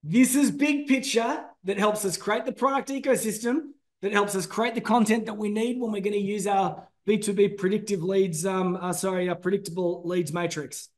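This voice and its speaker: Man, high-pitched, energetic, presenting a business class. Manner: energetic, emphatic, calls out names to the audience. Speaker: business trainer. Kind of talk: masterclass presentation.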